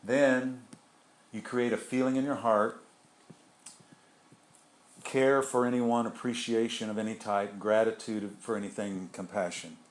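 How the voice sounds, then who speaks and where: Man, lowish voice, rambling spiritual group talk, conversational, loose asides. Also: steady tone, a little slow, long pauses. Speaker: group leader.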